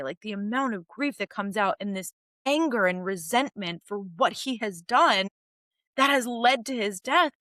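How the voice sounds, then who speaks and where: A woman's voice: mid-range voice, lively intonation, moderate pace, fairly bright tone, no room sound, studio quality. A young woman co-hosting a podcast, giving a chatty, earnest TV recap with lots of "like" and "you know". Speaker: podcast co-host. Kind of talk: casual TV recap commentary.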